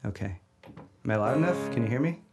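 A man's voice: medium pitch, lively intonation, fast talker. A chatty man hosting a tech video in a home studio, loose and joking, poking fun at himself as he tries things out. His voice sits in a middle range. A guitar plays faintly behind him. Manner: joking, self-deprecating, chatty. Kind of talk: casual tech chat.

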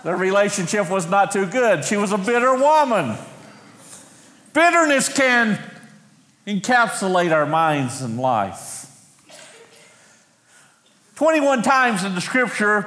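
High-voiced male preacher in echoey church. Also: sing-song, fairly bright tone. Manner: storytelling, slows for emphasis. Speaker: pastor. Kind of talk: sermon. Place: church sanctuary.

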